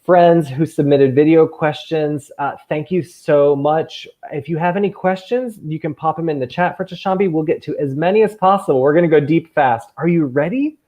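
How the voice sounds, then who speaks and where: A man hosting a kids' camp video call from his room at home, gushing and excitable. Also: on the high side, normal speed, hardly any pauses. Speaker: guest host, camp counselor.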